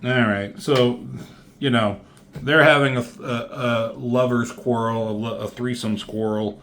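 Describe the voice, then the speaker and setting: A man's voice: mid-range voice, fairly even intonation, a little slow, a bit bright, a little hiss or hum. Sarcastic, foul-mouthed male comic reviewer. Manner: profane, sarcastic asides. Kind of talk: casual comedic recap.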